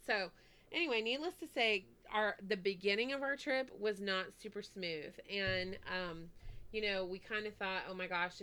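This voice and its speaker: A woman chats through a long personal story on a podcast, with a bright, crisp and smooth voice. She keeps circling back with "anyway" and sprinkles "like" through her sentences, in an easygoing conversational manner. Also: on the low side. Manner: chatty, full of "like" and "anyway". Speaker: podcast co-host. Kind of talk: casual storytelling chat.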